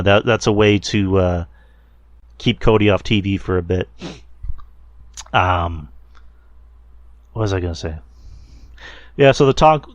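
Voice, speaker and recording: A man's voice: fairly low pitch, dry recording. A man hosting a solo podcast, rambling casually with lots of fillers and the odd swear word. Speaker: podcast host reviewing wrestling.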